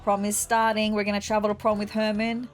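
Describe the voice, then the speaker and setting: A woman's voice: mid-range voice, monotone, fairly quick, faint music behind. A woman giving casual, chatty commentary while playing a video game, talking straight to her viewers and wearing her feelings openly. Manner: chatty, addresses viewers directly, emotional, near tears at times.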